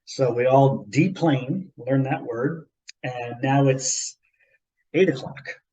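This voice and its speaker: Man, mid-pitched podcast co-host, spins a rambling story full of repeats; audio a bit muffled. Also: slow pace. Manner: animated, rambling anecdote with repeats and asides. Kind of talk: casual storytelling chat.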